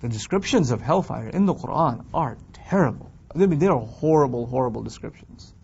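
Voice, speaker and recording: A man teaching a Quran class in a lively, conversational way, firing rhetorical questions at his students and acting out complaining voices. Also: medium pitch, fairly quick, creaky, breathy edge. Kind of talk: classroom lecture on scripture. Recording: dull lo-fi recording.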